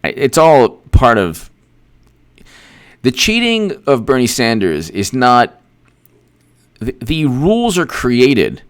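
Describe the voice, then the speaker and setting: A man hosting casual political commentary, rambling and repeating himself, with animated asides. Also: medium pitch, slow, long pauses, smooth.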